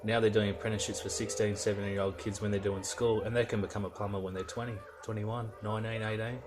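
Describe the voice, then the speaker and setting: Laid-back Australian man, low voice. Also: flat delivery, quick pace, over music. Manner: rambling, laid-back, slangy storytelling. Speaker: vlogger. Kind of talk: casual video diary.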